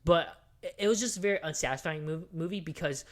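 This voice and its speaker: A podcast co-host at a middle pitch who rants through a movie plot in casual chat. The talk wanders and restarts, packed with fillers and curse words. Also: quick pace. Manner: rambling, swearing, heated movie recap with many fillers.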